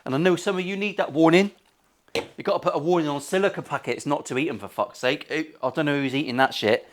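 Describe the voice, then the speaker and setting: A man's voice: a little high, fast. This is a middle-aged Englishman with a slightly raised voice, talking viewers through his guitar work. He rambles in loose, sweary banter, teasing his audience between practical tips. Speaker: luthier. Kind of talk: casual workshop vlog. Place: guitar workshop.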